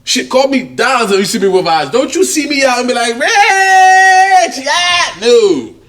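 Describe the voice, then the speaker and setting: A man, co-hosting a podcast and telling a long, profane story in casual chat, animated and acting out other people's voices. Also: very high-pitched, quick pace. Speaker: podcast co-host.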